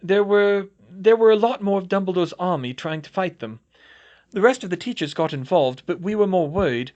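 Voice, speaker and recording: A man voicing a distraught middle-aged woman teacher who rambles in halting, broken sentences and sobs. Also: high voice, a little mellow, dull audio, pitched above the performer's own voice, natural voice. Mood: rattled. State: sobbing.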